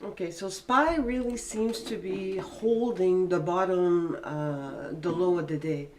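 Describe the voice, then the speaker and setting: A woman co-hosting a live trading chat, excitable and quick to laugh. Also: fairly low pitch, reverberant.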